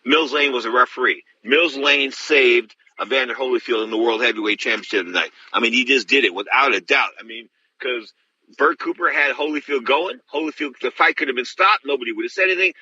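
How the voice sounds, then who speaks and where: A man's voice: mid-range voice, a little fast, sharp tone, husky, highs cut off. A middle-aged man hosting a show, telling stories bluntly and rambling with many restarts. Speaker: host. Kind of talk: casual storytelling.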